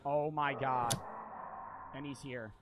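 A young man streaming a horror game, swearing constantly and repeating himself as he swings between muttering and yelling. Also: mid-range voice, steady tone, takes it slowly, background noise. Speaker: gaming streamer. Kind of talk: frustrated let's-play commentary.

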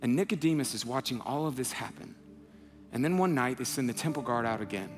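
A man's voice: medium pitch, animated, quick pace. A young adult man preaching a sermon in a conversational way, acting out the quotes he tells. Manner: conversational, acts out quotes, builds to impassioned near-shouting. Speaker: pastor. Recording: long hall reverb, soft music behind.

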